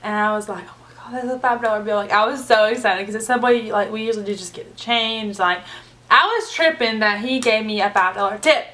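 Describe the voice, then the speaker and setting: A woman vlogger telling a story in a casual, animated way with relaxed slang. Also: mid-range voice, a little fast. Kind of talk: storytime vlog.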